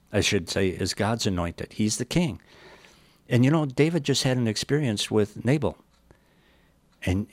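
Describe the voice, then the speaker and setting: A man teaching verse by verse through a Bible passage, reading the scripture slowly and then explaining it in plain words with folksy asides. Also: on the low side, dry recording.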